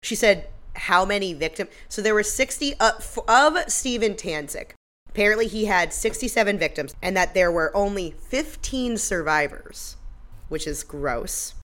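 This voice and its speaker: A woman's voice: mid-range voice, normal speed. A woman co-hosting a podcast, recapping a TV episode in casual, blunt, profane chat. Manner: blunt, profane, animated retelling. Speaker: podcast co-host.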